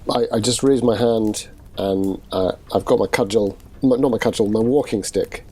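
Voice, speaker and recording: A man's voice: lowish voice, steady tone, normal speed, darkish tone. A man playing a tabletop role-play game, earnest and thinking aloud. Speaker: player.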